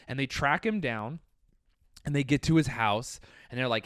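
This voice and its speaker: A man co-hosting a podcast, telling an animated, profane story in casual chat. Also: medium pitch, normal speed, no room sound, clean studio sound. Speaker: podcast co-host.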